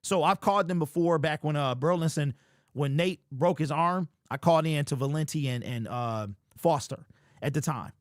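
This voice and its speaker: A man's voice: a little high, normal speed, no echo, studio quality. A young man hosting a sports livestream, ranting in disbelief and reading viewer comments. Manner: exasperated, incredulous, repeats himself. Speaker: sports show host. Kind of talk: livestream sports rant, reading super chats.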